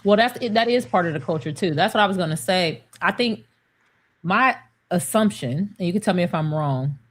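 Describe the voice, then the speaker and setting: Low-voiced woman making a careful, diplomatic point. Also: animated, moderate pace. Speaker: podcast panelist. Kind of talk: casual panel debate.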